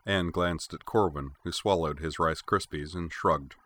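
A man narrating a fantasy novel as an audiobook reader, steady and clear. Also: rumbling low, moderate pace, no room sound. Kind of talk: scripted narration.

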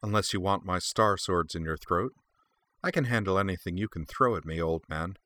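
A man's voice: sits low, moderate pace, bright, forceful tone. A man reading aloud voices a fierce, bitter young woman with blades, speaking in a raised, taunting voice.

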